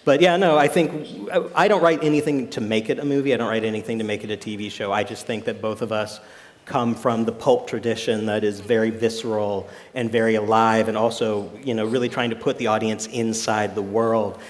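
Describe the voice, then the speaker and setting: Low-voiced man talking in a reverberant hall. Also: fairly even intonation, a little fast. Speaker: author. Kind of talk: panel talk. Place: live event venue.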